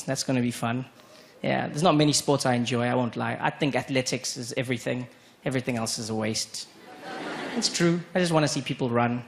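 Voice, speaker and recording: A man from Africa, performing an animated stand-up comedy set on a club stage. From South Africa. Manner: animated, with sudden high-pitched jumps for emphasis. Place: comedy club stage before a live audience. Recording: noisy live club recording.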